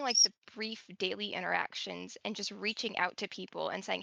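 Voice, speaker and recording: Casting: woman with a gravelly edge and bright tone, thoughtful, talks in long explanations. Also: medium pitch, normal speed, few pauses, no room sound. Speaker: panel guest. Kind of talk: casual livestream Q&A.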